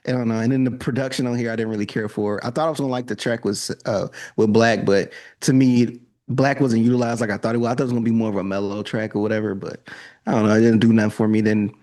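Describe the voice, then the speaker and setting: A man's voice: lowish voice, steady tone, fast, darkish tone. A man co-hosting a music podcast, speaking in a loose, rambling way full of filler words. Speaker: podcast co-host. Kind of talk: casual podcast chat.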